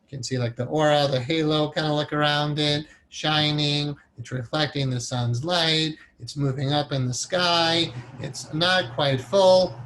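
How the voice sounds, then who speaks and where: A man teaching a recorded meditation class in a casual, animated way, acting out the inner voice of the mind as examples. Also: fairly high pitch, a little hiss or hum.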